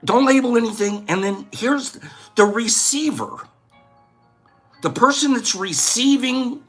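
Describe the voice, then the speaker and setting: Man, casual vlog host, rambling lecture, lively pitch, faint music behind.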